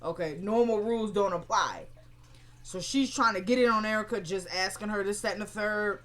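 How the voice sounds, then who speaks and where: A woman's voice: medium pitch, moderate pace. Chatty woman recapping a TV episode. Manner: chatty, animated, acts out quoted lines.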